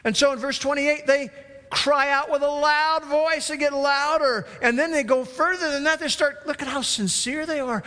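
A man with a high voice preaches to his church. His long reverberating echo fills a large sanctuary. He tells the story with animated energy and briefly acts out the voices he quotes. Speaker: pastor. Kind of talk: sermon.

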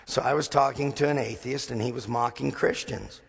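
A man's voice: mid-range voice, fairly even intonation, moderate pace, vocal fry, slightly rough, in a large hall. A man preaching a sermon as a pastor, telling stories with dry humor and acting out the dialogue.

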